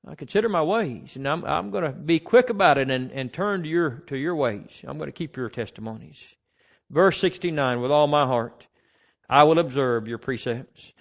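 A man preaching a Sunday sermon, his voice sitting a bit higher than most men's. He reads the scripture verses slowly and with mounting emphasis. The recording is muffled and lo-fi. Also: expressive, gravelly.

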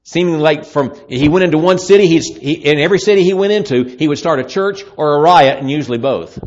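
Male preacher, fairly high voice, animated sermon delivery, muffled lo-fi recording. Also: fast. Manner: lively, acts out voices in Bible scenes.

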